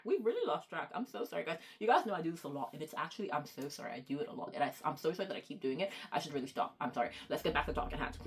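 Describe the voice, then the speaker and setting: A young woman book vlogger chatting to camera, excitable and rambling, stopping to apologize for going off track. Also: deep voice. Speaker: book YouTuber. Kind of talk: casual chat to camera.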